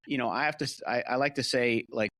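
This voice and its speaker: Older fire-captain type with a Rhode Island–Massachusetts accent; loose, restart-heavy storytelling, dry and close. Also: male voice, mid-range voice, fast, a bit bright, dry recording. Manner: rambling, many restarts and "you know". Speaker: guest, fire captain and author. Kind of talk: casual interview storytelling.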